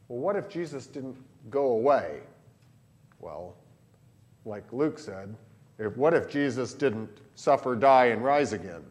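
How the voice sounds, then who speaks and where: A pastor with a Southern Illinois accent, leading a lively catechism lesson for children and adults and quizzing the class. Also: male voice, mid-range voice, a little slow. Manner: animated, asks the class questions.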